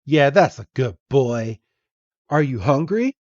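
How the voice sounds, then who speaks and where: A man's voice: medium pitch, animated, takes it slowly, a little mellow, no echo, muffled recording. A man doing a fussy doting old professor.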